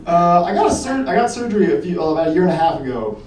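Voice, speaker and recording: Teen stand-up comic, high bouncy voice, deadpan delivery, distant roomy club recording. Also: male voice, racing, a crowd in the background. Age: teenager, 17. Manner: deadpan jokes, acts out others in higher voices. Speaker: stand-up comedian. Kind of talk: stand-up comedy set. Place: small comedy lounge with audience. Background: audience laughter and room noise.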